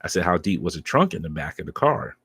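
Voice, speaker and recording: A deep-voiced man, very animated and fast-talking, co-hosts a podcast and casually recaps a convention, rambling with many ums and laughing as he tells stories. His voice is a bit bright and husky, with no room sound.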